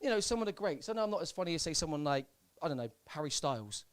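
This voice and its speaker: Performing live stand-up at a comedy club, this young man from Southampton, England keeps a deadpan, hesitant delivery packed with fillers and repetition. His voice is on the high side, very fast, and smooth, and the recording is dry.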